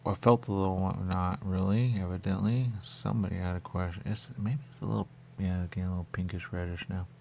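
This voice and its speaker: A man with a deep, low-pitched voice and a gravelly, fry-laden texture hosts a radio talk show. He rambles in a meandering monologue, circling back over the same phrases as he muses aloud. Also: steady tone, fairly quick, few pauses, warm tone, a little hiss or hum. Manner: repetitive, meandering, musing aloud.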